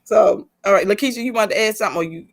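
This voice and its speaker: A woman's voice: medium pitch, racing. Candid woman hosting a video call. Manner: candid, chatty, talks straight to the group. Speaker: host leading a leadership session. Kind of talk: casual presentation on a video call.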